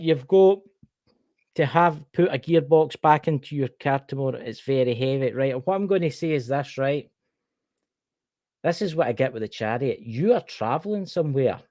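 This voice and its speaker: A man with a Scottish accent runs a chatty tarot reading on a livestream, naming each card and talking straight to one viewer. His voice is mellow and relaxed, set close and dry with no room around it. He keeps it informal and easygoing. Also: medium pitch, no room sound. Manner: chatty, reads each card aloud and addresses the viewer by name.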